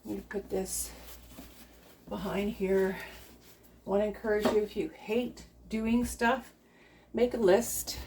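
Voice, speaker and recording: Washing up at her kitchen sink, a middle-aged cleaning vlogger chats casually and encouragingly, laughing often. Her medium-pitched voice is steady and measured, with frequent pauses. Loud clattering dishes, pots and running water fill the background noise.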